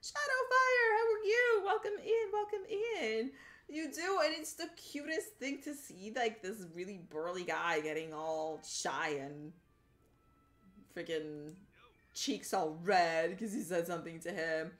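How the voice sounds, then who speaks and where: A woman's voice: mid-range voice, unhurried. A young woman streaming a game live, chatting casually with her viewers in a bubbly, giggly way as she plays. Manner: bubbly, giggly and animated, greeting chat by name. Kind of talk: casual live-stream chat while gaming.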